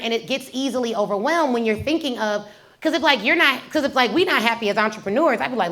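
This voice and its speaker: A fairly high-voiced woman talks like a business coach on her own podcast. She keeps it casual and lively, firing off rhetorical questions and dropping into slangy storytelling to make her points. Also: fairly quick. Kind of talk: casual teaching talk with storytelling.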